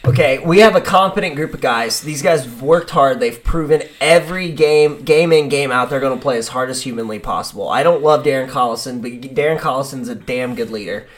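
A man's voice: mid-range voice, a little fast, few pauses. A man co-hosting a casual sports podcast, earnest and rambling, often restarting his sentences. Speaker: podcast co-host.

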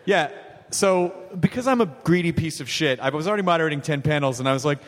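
A man's voice: fairly high pitch, lively intonation, long reverb tail. A man hosting and moderating an interview, bantering and making fun of himself. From United States. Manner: joking, self-mocking, quick banter. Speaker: host and moderator. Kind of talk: casual interview chat.

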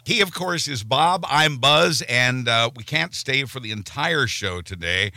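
A man reads comic news items with wry punchlines, his pitch lively and animated. The tone is bright and forceful, recorded dry and close. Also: measured pace, no room sound. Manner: wry, punchline delivery, laughs at own jokes. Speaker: podcast co-host, news joke reader. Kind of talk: comedic news segment.

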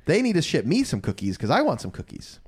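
A man co-hosting a sports podcast in casual chat, animated and jokey with quick reactions. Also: on the high side, husky. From Florida. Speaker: podcast co-host.

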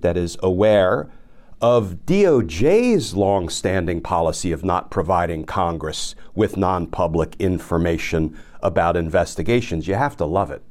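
A man with a somewhat low voice hosts a legal commentary podcast. He reads quoted passages aloud and then explains them in plain terms. He adds pointed, sarcastic asides and calls out the person being addressed by name. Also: a little mellow. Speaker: podcast host.

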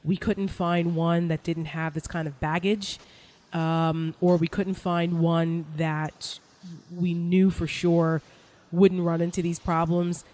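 A woman hosting a casual political talk, sarcastic and quick to laugh. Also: lowish voice, little pitch movement, a little mellow. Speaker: host.

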